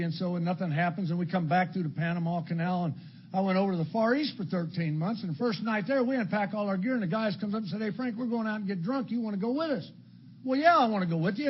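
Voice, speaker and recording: An older man from Illinois sharing his story at a recovery meeting, blunt and crude, with dark humor. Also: sits high. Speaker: AA speaker. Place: meeting hall before an audience. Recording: dull lo-fi talk recording with faint background noise.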